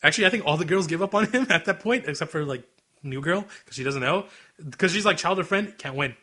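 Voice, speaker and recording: A young man co-hosting a casual podcast, talking quickly, laughing often and acting out bits of dialogue. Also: on the high side, expressive, sharp tone. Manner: rapid, laughing, acts out anime dialogue in quick asides. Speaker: podcast co-host. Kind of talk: casual chat.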